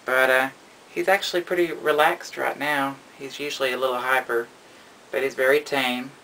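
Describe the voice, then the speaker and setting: A man's voice: medium pitch, fairly even intonation, moderate pace, bright, forceful tone, slight background noise, low-quality recording. A man narrating a casual vlog about his pet reptiles, rambling and affectionate, cooing at his animals. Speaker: reptile keeper.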